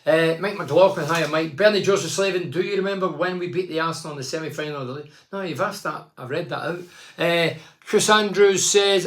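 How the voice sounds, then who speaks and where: A man in his sixties with a slightly high voice, chatting casually as a phone-in host. He reads out fans' messages and drifts into long stories. The room is echoey. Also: fairly quick, a bit bright. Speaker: phone-in show host and former footballer.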